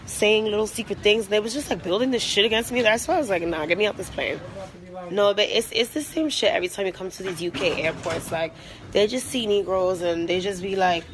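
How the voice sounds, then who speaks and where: An upset woman venting in an agitated, profane rant at an airport, her talk full of fillers as she tries to calm down. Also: lowish voice, slight background noise, low-quality recording. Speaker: vlogger venting after a flight. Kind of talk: angry phone vlog rant.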